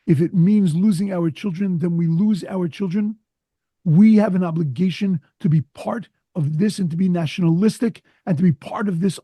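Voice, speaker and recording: A man doing a stern, husky old rabbi. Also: high-pitched, dark tone, dry recording. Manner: stern, commanding. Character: stern old male rabbi scolding a visitor.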